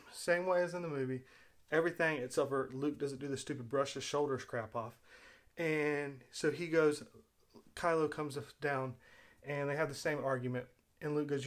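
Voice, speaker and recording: A man hosting his own video, talking in a casual, rambling way as he retells a story, with fillers and restarts. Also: fairly high pitch. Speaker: video host. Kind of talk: casual spoken commentary.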